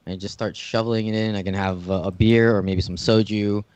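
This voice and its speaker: A man co-hosting a podcast in a casual snack-tasting chat, relaxed and rambling as he gives a rating. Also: lowish voice, fairly quick, clear, resonant tone, no room sound. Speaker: podcast co-host.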